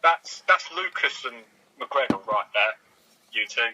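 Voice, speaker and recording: A man's voice: medium pitch, measured pace. Teasing man on a noisy line. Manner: teasing, deadpan jokes. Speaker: podcast co-host. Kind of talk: casual chat.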